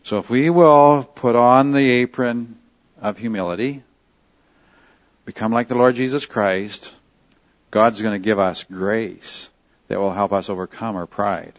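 A man preaching a teaching sermon in a conversational way, often checking in with his listeners and slowing down to stress key phrases. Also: lowish voice, fairly even intonation. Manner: conversational, asks the room questions. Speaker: pastor. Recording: slightly dull lo-fi sound.

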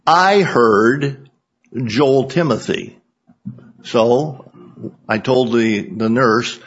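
A man's voice: medium pitch, very slow, pauses often, a bit bright, husky. A middle-aged man teaching a Sunday school lesson in a folksy, joking way. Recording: dull lo-fi recording.

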